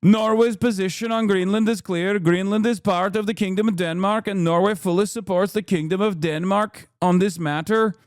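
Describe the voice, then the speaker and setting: A man putting on a Norwegian accent, playing a stiff, formal male statesman who reads an official statement slowly and with measured care. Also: high voice, fairly even intonation, no echo, clean studio sound, natural voice. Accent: put-on Norwegian.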